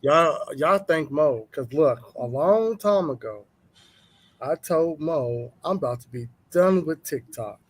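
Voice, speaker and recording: A man's voice: on the high side, animated, takes it slowly, husky. Laid-back man in casual talk. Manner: laid-back, agreeing backchannels. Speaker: podcast co-host. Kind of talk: casual chat.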